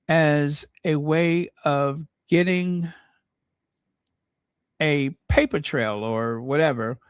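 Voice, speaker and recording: Slow-talking sarcastic man, dry close mic. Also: a little high, no echo. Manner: chatty, sarcastic asides to viewers. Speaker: royal commentary channel host. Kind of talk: casual commentary reading news aloud.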